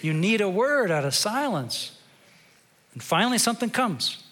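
A man preaching a sermon in a bright, forceful voice that sits a little high for a man. He tells the story conversationally and slows into quiet reflection at points. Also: big pitch swings. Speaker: pastor.

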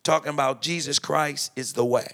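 A man's voice: a little high, steady tone, normal speed, gravelly, fairly bright tone. A middle-aged man, a pastor, talking emphatically in a preaching style and quoting scripture. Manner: emphatic, quotes scripture, repeats phrases.

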